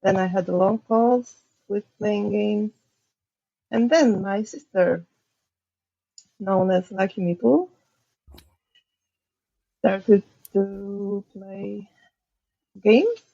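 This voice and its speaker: A young woman from Poland talks slowly and hesitantly as a podcast guest, with a gravelly edge to her voice. The recording is dry and a little dull. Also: mid-range voice, mellow, no echo. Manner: hesitant, halting, laughs often. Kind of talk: casual chat.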